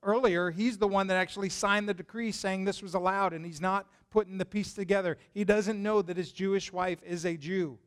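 A man preaching a sermon as a pastor, retelling a Bible story in an animated, conversational way and putting questions to the listeners. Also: sits high, brisk, hardly any pauses, clean tone.

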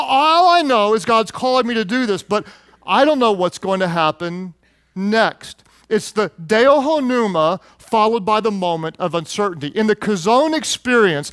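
Animated high-voiced male pastor preaching. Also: no echo. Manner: animated storytelling, acts out quotes in a high excited voice. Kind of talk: sermon.

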